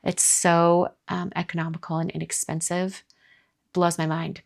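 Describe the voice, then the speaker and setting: A woman's voice: on the low side, little pitch movement, measured pace, creaky. A middle-aged woman from the American South hosting a card-making live stream in casual chat, reading viewer comments aloud and answering them.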